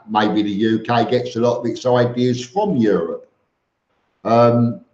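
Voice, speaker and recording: Slow, blunt London man in a roomy room. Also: mid-range voice, darkish tone. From East London, England. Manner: blunt and rambling, many ums and restarts. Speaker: vlogger hosting a live stream. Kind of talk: casual live-stream chat answering viewers. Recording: roomy, slightly dull audio.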